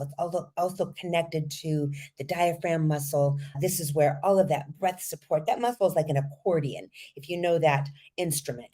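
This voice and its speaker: A woman voice coach leading a podcast lesson, energetic and guiding listeners step by step through breathing exercises. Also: low voice.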